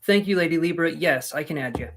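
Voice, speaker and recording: A man's voice: on the high side, fast talker, fairly bright tone, a little hiss or hum. A man giving live-stream tarot readings, talking casually to his viewers with joking asides. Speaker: tarot reader.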